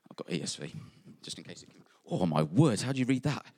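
A man's voice: fairly low pitch, very animated, fast, a little mellow, slightly rough, dry recording, studio quality. A man preaching a conversational sermon in church, reading scripture aloud with fillers, asides and little jokes. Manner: conversational, jokey, self-interrupting with fillers.

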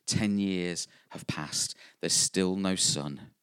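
A man's voice: sits low, slow pace, a bit bright, smooth, dry recording, studio quality. A man preaching a sermon, earnest and repeating key phrases for emphasis.

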